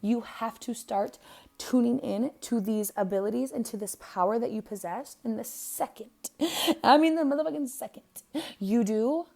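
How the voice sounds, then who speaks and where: A woman's voice: a little high, normal speed, creaky, mellow. A young woman giving a casual birth chart reading, blunt and profane, with lots of fillers. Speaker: astrologer.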